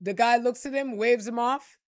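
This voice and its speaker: Animated, profane woman storyteller. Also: on the high side, moderate pace, dry recording, studio quality. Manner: animated and profane, acting out quotes with laughs. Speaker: vlogger telling a personal story. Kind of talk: casual storytelling.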